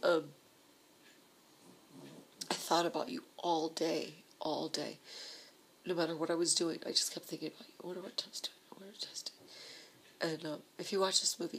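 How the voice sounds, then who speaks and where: A woman recording a personal video letter to her husband, speaking softly and intimately, often slipping into a breathy half-whisper and sounding tearful. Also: low-pitched, slight background noise, poor audio. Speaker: vlogger.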